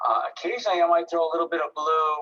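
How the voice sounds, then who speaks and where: A man teaching a live online painting class, giving relaxed, encouraging critiques and thinking aloud with frequent restarts. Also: fairly high pitch, very fast, highs cut off. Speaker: painting instructor. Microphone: video call.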